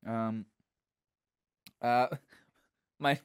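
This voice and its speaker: A man's voice: mid-range voice, fairly even intonation, extremely slow, smooth, no echo, clean studio sound. A man co-hosting a casual film podcast, riffing jokily on tangents. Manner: jokey, riffs on tangents. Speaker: podcast co-host.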